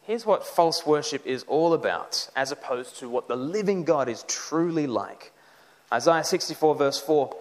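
A man preaching a sermon, animated, with mocking asides. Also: a little high, moderate pace.

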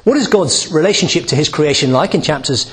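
A man's voice: fairly high pitch, lively intonation, fairly quick, breathy edge. A man giving a Bible teaching talk, reading a passage and explaining it with many restarts and asides. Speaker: preacher.

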